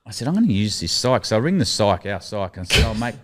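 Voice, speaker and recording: A middle-aged man with an Australian accent and a lowish voice, chatting casually as a guest. He spins animated anecdotes, often chuckling mid-sentence and putting on the voices of the people he quotes. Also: fast talker. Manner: lively anecdotes, laughs through his stories, acts out quoted lines. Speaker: guest, former cricketer. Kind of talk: casual storytelling chat.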